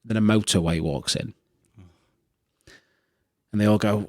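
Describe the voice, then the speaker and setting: A man's voice: on the low side, unhurried, pauses often, no echo, clean studio sound. A man co-hosting a comedy podcast, telling sweary jokes in casual chat. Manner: animated, sweary joke-teller. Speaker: podcast co-host.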